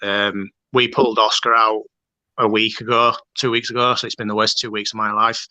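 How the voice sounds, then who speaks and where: A man's voice: lowish voice, flat delivery, fairly quick, pushed and bright, a little hiss or hum, rough recording. A man from the Leeds area chatting casually as a guest on a video call, laid-back and chatty. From Leeds area, England. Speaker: guest fan.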